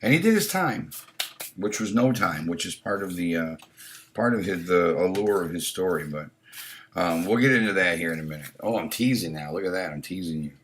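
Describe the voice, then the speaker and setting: A man's voice: low-pitched, animated, fairly quick, slight background noise. A man hosting a casual live stream, blunt and opinionated, swearing often, with frequent restarts, reading chat comments aloud. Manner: blunt and heavily profane, many restarts.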